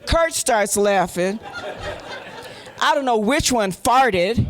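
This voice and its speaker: An older woman, a panel guest, telling a comic story and slipping into gruff male voices for the quotes. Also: fairly high pitch, animated, slow pace, heavy background noise. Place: convention panel room.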